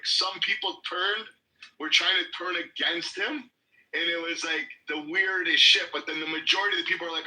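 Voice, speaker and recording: A man telling a long story in casual podcast chat, animated and swearing freely, acting out what people said. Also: high voice, rough recording. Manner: animated, swears a lot, acts out quotes.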